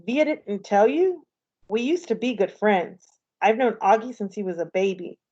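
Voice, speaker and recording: A woman voicing a confident, blunt teenage girl who speaks frankly. The tone is mellow and dark, and the recording sounds a little muffled. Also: medium pitch, expressive, normal speed, close to an everyday voice.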